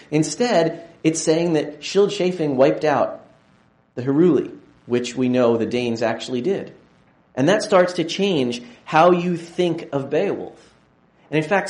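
An enthusiastic male lecturer talks to his class at a middling pitch, often digressing and restarting his phrases. The room is roomy and echoey around his voice. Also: a little mellow. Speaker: university lecturer.

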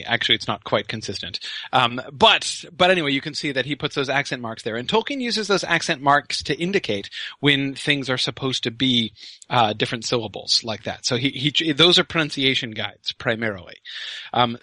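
Bright-voiced man explaining with many ums. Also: mid-range voice, no room sound. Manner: hesitant, many fillers and restarts. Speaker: podcast co-host, Tolkien professor. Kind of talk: casual podcast explanation.

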